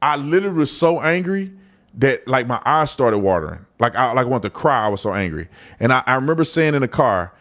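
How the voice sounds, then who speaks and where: A man who is a former police officer, telling a personal story in a colloquial, animated way and acting out what people said. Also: fairly quick. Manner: colloquial, animated, acts out quotes with big pitch jumps.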